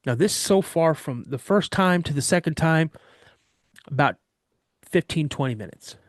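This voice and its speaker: A man casually recounting a story from his childhood in first person, animated and vivid, often restarting mid-sentence. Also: a little high, a little slow, dry recording, studio quality. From Washington state. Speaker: guest telling an encounter story.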